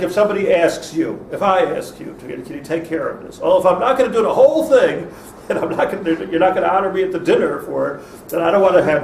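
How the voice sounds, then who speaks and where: Rabbi in an echoey classroom. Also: male voice, fairly high pitch, a little mellow. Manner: thinks aloud, questions the class, many restarts. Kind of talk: interactive Torah class. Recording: echoey room, far from mic, faint noise.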